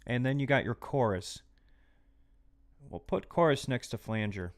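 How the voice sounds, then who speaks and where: A man talks slowly and unhurriedly as he hosts a live mixing tutorial from a home studio. His delivery is casual and chatty, and he keeps slipping into quiet, muttered asides as he works. His voice sits at a middling pitch. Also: expressive. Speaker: livestream host teaching music mixing.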